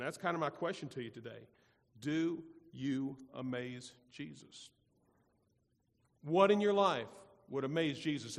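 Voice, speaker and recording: A man preaching a sermon to his congregation, emphatic and repetitive, putting questions to the listeners. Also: mid-range voice. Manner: emphatic, repeats phrases, asks the congregation questions. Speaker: pastor. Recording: long hall reverb.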